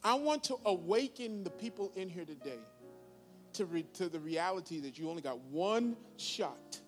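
High-voiced man in his fifties preaching. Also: lively intonation, moderate pace, faint music behind. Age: 50s. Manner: preaching with sudden loud high bursts and quiet asides. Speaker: pastor. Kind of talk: sermon.

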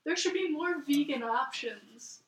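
A young woman co-hosting a podcast in casual chat, teasing and quick to laugh. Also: sits high. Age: young adult. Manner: giggly, teasing, animated. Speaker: podcast co-host. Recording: roomy, distant mic.

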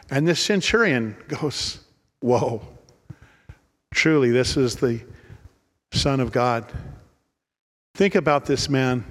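A man's voice: mid-range voice, big-room sound. A man preaching a sermon in an earnest storytelling manner, often repeating words as he restarts. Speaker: pastor.

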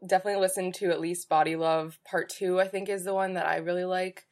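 A young woman co-hosting a casual podcast, speaking in a chatty, halting way with many fillers. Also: lowish voice, little pitch movement. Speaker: podcast co-host. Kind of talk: casual chat.

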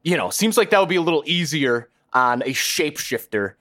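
A man co-hosting a podcast, talking casually in halting starts and restarts, his pitch jumping when he is unsure. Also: lively intonation, pushed and bright. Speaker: podcast co-host. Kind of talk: casual chat.

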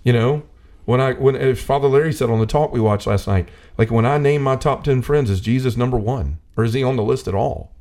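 A man's voice: medium pitch, brisk, mellow. A man talking earnestly about faith in a casual discussion, full of "like" fillers, building to a preachy intensity.

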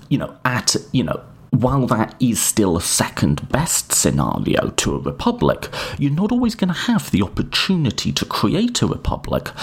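A man's voice: low-pitched, husky. A man giving a casual, informal lecture on political ideas and answering listener questions, hedging often and swearing now and then. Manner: occasionally swears.

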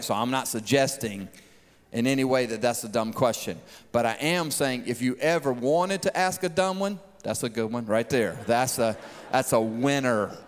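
A man's voice: mid-range voice, clean tone. A man preaching a sermon, joking and acting out voices as he talks. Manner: animated, joking, acts out voices. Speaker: pastor. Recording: long hall reverb.

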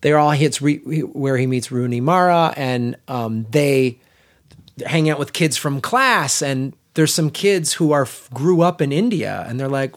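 A man's voice: mid-range voice, animated, measured pace. A man co-hosting a casual film podcast, gushing about a movie in a rambling way, with many restarts and fillers. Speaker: podcast co-host. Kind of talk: casual film review chat.

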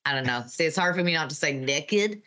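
Woman, 50s, Texan accent, chatty, laughs a lot, low voice, bright edge. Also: lively intonation, brisk. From Texas. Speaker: guest, former class president. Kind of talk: casual nostalgic chat.

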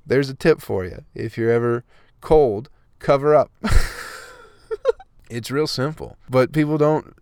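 A man's voice: medium pitch, a little slow, long pauses, darkish tone, clean tone, no room sound, studio quality. A young man, a comedian and host, talking in a casual comedic monologue, swearing freely, ranting and laughing at his own jokes.

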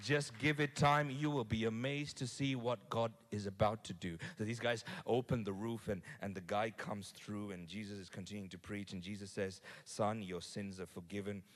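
A man preaching a sermon to his congregation, lively, repeating words and building to loud climaxes. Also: on the low side, normal speed, hardly any pauses. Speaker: pastor.

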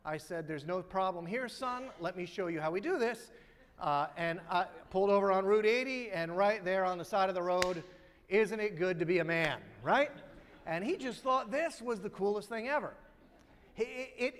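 A middle-aged pastor with a high, slightly bright voice preaches a sermon, telling stories and building up to repeated rhetorical questions. The recording carries the long reverb of a large hall.

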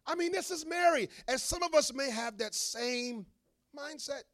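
A middle-aged man, a pastor, preaching an animated sermon with humorous asides to his congregation. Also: very high-pitched, moderate pace.

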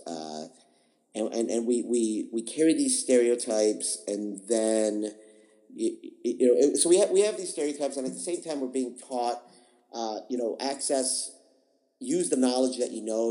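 This podcast guest, an improv teacher, has a mellow, lowish voice captured on poor audio. He gives considered, explanatory answers to interview questions, often starting over and repeating words.

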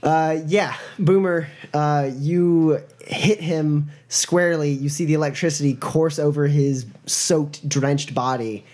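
A man narrating as game master of a tabletop role-playing game, relaxed and chuckling, with many fillers. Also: on the high side, slow, hardly any pauses.

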